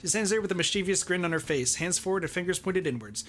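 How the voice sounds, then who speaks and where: A man streaming, reading a visual novel aloud in steady first-person narration. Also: high-pitched, quick pace, soft background music.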